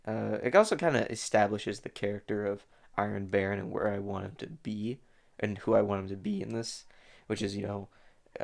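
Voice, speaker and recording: A man's voice: fairly low pitch, vocal fry. A young man giving a casual, rambling commentary on his own fan animation, full of fillers and restarts.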